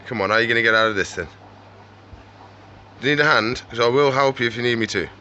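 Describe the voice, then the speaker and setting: A man's voice: mid-range voice, fast talker, pushed and bright, muffled recording, a little hiss or hum. A man running a reptile shop, chatting casually on camera and talking to his animals. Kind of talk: casual vlog chat.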